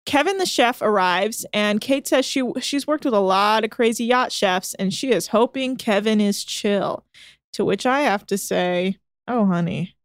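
A woman with a mid-range voice co-hosts a podcast, recorded in clean studio sound with no echo. She recaps episodes in casual chat, teasing, laughing readily, and summarizing in a chatty way.

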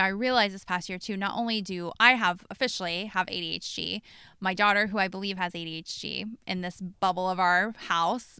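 Candid, animated woman podcast host. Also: medium pitch, clean tone, no room sound, studio quality. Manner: candid and animated, with swearing and filler words. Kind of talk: personal podcast monologue.

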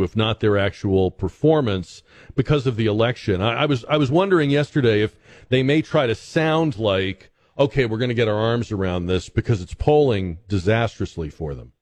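A man's voice: lowish voice, no echo. A man hosting a radio talk show, asking long questions in a conversational way. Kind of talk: radio interview.

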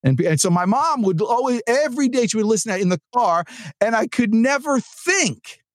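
Very high-pitched and moderately paced, with no room sound, a New Jersey man hosts a sales podcast. The sales trainer's motivational monologue is casual and animated, meandering with frequent restarts.

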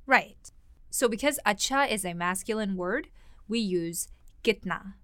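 A woman teaching a language lesson, explaining words and phrases in a clear, explanatory way. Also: medium pitch, animated, unhurried, a bit bright, no echo, studio quality.

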